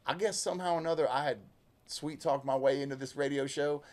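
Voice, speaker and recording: A man with a Southwest Louisiana accent and a gravelly growl in his voice, telling a rambling, folksy story in casual chat as a country singer guest. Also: a little high, quick pace, darkish tone. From Lake Charles, Louisiana. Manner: rambling, folksy, self-interrupting. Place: inside a vehicle.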